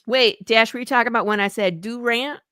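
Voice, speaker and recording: A woman's voice: a little high, brisk, crowd noise. A woman hosting a casual chat show, bubbly and teasing, laughing often. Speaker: podcast host.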